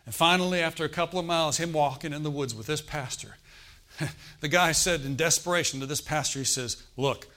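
A middle-aged man preaching a sermon, telling stories and acting out the voices of the people in them, swinging from hushed to loud. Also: fairly high pitch, fairly quick. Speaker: pastor. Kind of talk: sermon storytelling.

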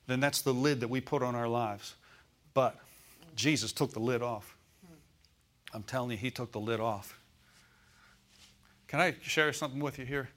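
A man's voice: medium pitch, normal speed, long pauses. Folksy older male preacher. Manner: folksy, digressive, rises to loud emphatic scripture quotes. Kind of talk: sermon.

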